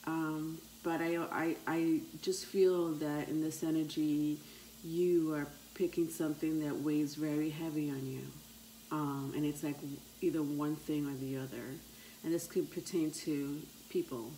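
Woman reading tarot cards, deep voice, lots of ums and pauses, calls everyone my love. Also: fairly even intonation, warm tone, a little hiss or hum, poor audio. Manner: unhurried, hesitant, frequent ums, calls listeners "my love". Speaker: tarot reader.

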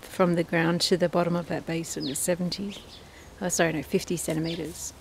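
A woman's voice: fairly low pitch, little pitch movement, a little fast, creaky. A woman filming her ducks in a backyard, chatting casually and affectionately as she narrates. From Australia. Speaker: duck keeper filming her flock. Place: outdoors in a backyard. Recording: faint outdoor background noise.

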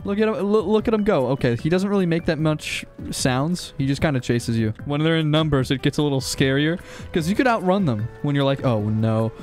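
Young male gaming host, excitable and easily startled, with a lively voice that swings a lot. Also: on the high side, a little fast. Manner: excitable, yelps and shrieks when startled. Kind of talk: gameplay commentary. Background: game music and sound effects.

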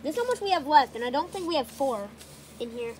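A woman's voice: high voice, animated, fast. A woman chatting casually on camera as she shows off a paper craft collection, playful and teasing. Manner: playful, teasing, bursts into silly voices. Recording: noisy home recording.

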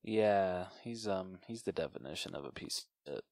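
A man's voice: low voice, lively intonation, normal speed, darkish tone, dry recording, clean studio sound. A man co-hosting a podcast in a laid-back, casual chat about a film, reenacting lines and laughing. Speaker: podcast co-host. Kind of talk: casual movie review chat.

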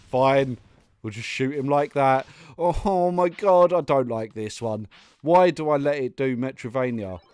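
A young man talks his way through a video game on a close microphone, the sound dry with no room around it. His voice sits at a middle pitch, and he swings between muttering to himself and exasperated outbursts at the game. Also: a little slow, darkish tone, smooth, no room sound. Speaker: gaming YouTuber. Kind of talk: let's play commentary.

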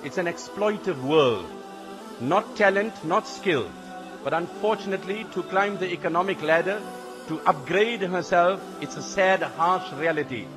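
A man preaching a sermon in an animated way, repeating phrases for emphasis. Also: high-pitched, normal speed. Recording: long hall reverb, faint music.

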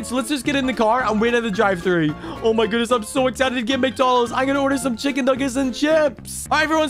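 Man putting on a baby boy voice, mischievous, very high-pitched, breathless and gushing, faint music behind. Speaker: gaming role-player. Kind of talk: role-play commentary over gameplay.

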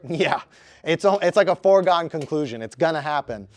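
A man's voice: fairly high pitch, lively intonation, brisk, no echo. A young man preaching to a youth group, conversational and asking the room questions. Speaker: youth pastor. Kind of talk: youth sermon.

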